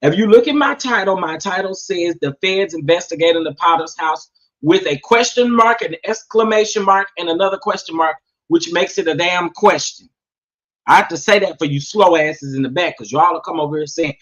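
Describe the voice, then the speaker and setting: A man doing casual gossip commentary, sassy and animated, talking straight to his viewers. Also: a little high, normal speed, highs cut off. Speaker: commentary vlogger.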